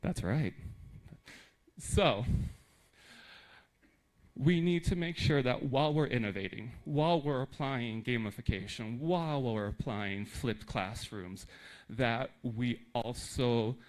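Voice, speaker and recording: A teacher trainer from the United States delivers a lively, emphatic conference talk to teachers, tossing in joking asides. He speaks slowly in a mid-range voice, and the audio quality is poor.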